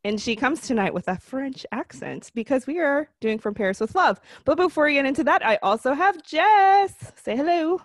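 A woman's voice: high voice, animated, moderate pace, hardly any pauses, no echo, studio quality. A woman hosting a casual podcast, introducing her co-hosts and guest with bubbly enthusiasm. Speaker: podcast host.

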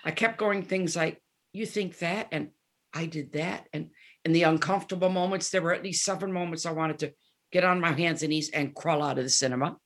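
A woman's voice: deep voice, a little fast. A woman in her seventies telling candid stories as a guest in a casual interview, acting out the lines of people she quotes. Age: 70s. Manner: candid, animated storyteller who acts out quoted dialogue. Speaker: guest musician.

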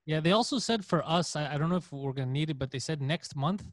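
A man's voice: a little high, lively intonation, quick pace, dry recording. A man in a casual podcast chat, talking in scattered bursts with casual swearing. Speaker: comedian podcast host.

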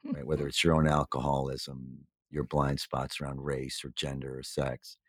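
A middle-aged man with a low voice speaks in a candid, conversational interview. He is reflective and searches for his words, with plenty of fillers and restarts. The sound is dry and close, with no room around it. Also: flat delivery, normal speed, breathy edge, no room sound. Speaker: guest.

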